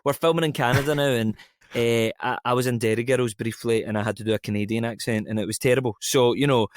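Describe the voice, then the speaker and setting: A man's voice: mid-range voice, quick pace, no room sound, studio quality. A young Scottish man, an actor, chatting in an interview, telling stories with lots of ums and restarts. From Scotland. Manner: relaxed storytelling, many ums and restarts. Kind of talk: casual interview chat.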